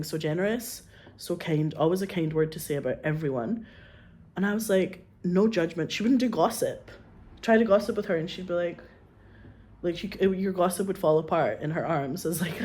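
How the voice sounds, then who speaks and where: A woman's voice: lowish voice, mellow. A woman chatting in an interview, rambling and effusive, full of "like" and acted-out quotes. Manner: rambling and effusive, heavy on "like", acts out quoted voices. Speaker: filmmaker guest. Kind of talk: casual chat.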